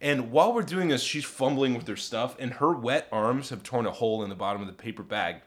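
A man's voice: mid-range voice, fairly quick. A man co-hosting a podcast, telling a long story in casual chat and jumping into raised voices to act out what people said. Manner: animated, acts out quotes in raised voices. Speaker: podcast co-host.

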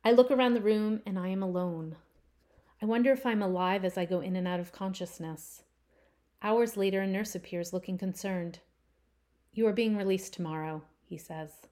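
A woman reading her own first-person short story aloud, with expressive swells on key phrases. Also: medium pitch.

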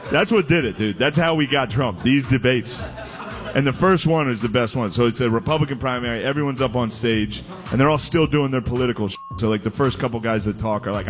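A man telling a stand-up style story, animated and profane, laughing as he acts out the voices of the people in it. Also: mid-range voice, fairly quick, soft background music.

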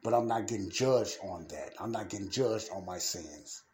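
A man's voice: low-pitched, normal speed, darkish tone, slight background noise. A man hosting a podcast, preaching in an emphatic, casual way and repeating his points. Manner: casual slangy speech. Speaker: podcast host.

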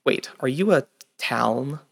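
A gruff, grumpy male sage, voiced by a man reading a storybook. He talks in curt bursts. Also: medium pitch, expressive, unhurried.

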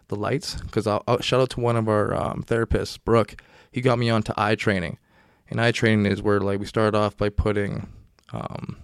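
Young guy rambling on his podcast, cursing constantly, lively when he quotes himself, dead dry room. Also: lowish voice, gravelly, no echo. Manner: profane, rambling, animated when quoting himself. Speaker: podcast host and football player. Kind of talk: casual storytelling.

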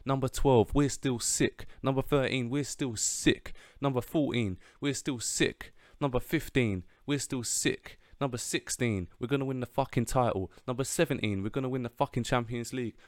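A man's voice: mid-range voice, no room sound, clean studio sound. A young man giving casual, brash football fan commentary, swearing and chanting hype.

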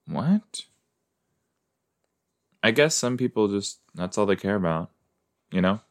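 A man's voice: fairly low pitch, sing-song, slow. A man hosting a podcast, chatting casually as he reacts to an episode he is watching, with frequent exclamations and groans of disgust. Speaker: podcast host.

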